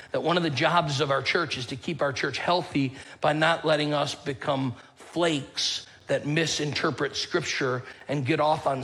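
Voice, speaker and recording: A man preaches from the pulpit in a relaxed, chatty way, with quips and little stories. His voice sits a bit higher than most men's. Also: poor audio. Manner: conversational, joking storyteller with a casual drawl. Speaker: pastor. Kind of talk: sermon.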